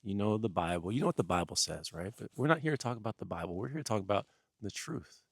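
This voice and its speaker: A man's voice: on the low side, lively intonation, fast, husky, no room sound, clean studio sound. A man giving an earnest spiritual teaching, stressing points through repeated lists. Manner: earnest, repetitive, emphatic listing.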